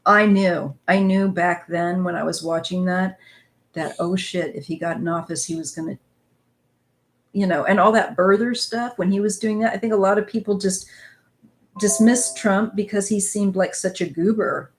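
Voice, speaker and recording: A middle-aged woman from northwest Missouri with a Midwestern accent and a slight twang, hosting a relaxed, chatty talk that drifts into asides. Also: mid-range voice, normal speed, slight background noise. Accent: Midwestern American, slight northwest Missouri twang. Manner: relaxed, chatty, laughs easily, trails off in asides. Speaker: tarot channel host. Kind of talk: casual chat.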